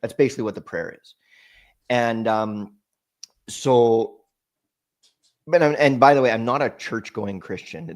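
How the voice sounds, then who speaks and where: A man, a podcast guest, telling an emotional personal story in a halting way, with frequent restarts and repeated words. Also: on the low side.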